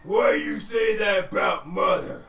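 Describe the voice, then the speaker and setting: Man doing dim-witted shouting ogres. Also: sits high, lively intonation, measured pace, roomy sound, far from the mic, pitched above the performer's own voice, heavily acted. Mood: angry. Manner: broken grammar, gruff, shouting. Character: dim-witted quarrelsome ogres and trolls, big and loud.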